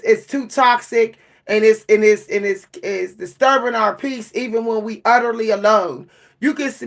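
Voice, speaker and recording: A worn-out woman venting to her camera in an emotional monologue, repeating and stumbling over her words. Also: on the high side. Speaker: vlogger.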